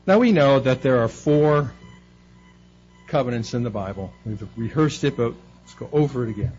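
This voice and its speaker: A middle-aged man preaching a sermon, animated and playful, lifting his voice high to act out quoted speech. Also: normal speed, muffled recording, faint music behind. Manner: animated, acting out quoted voices with rising pitch. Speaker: pastor.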